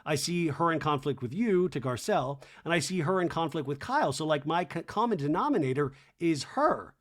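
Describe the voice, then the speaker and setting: A man's voice: fairly high pitch, expressive, fairly quick, natural voice. A man voicing a poised woman newcomer who explains conflict with a corporate mindset. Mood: earnest.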